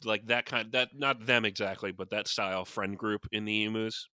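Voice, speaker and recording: A man's voice: on the low side, fairly even intonation, moderate pace, bright, forceful tone, no echo, studio quality. A man co-hosting a podcast, chatting casually and rambling as he brainstorms ideas. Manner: rambling, many fillers and restarts. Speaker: podcast co-host.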